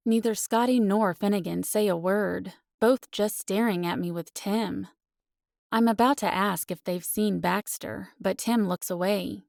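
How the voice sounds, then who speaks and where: A woman narrating a first-person romance audiobook with expressive, earnest storytelling. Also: mid-range voice, measured pace, vocal fry, no room sound, studio quality.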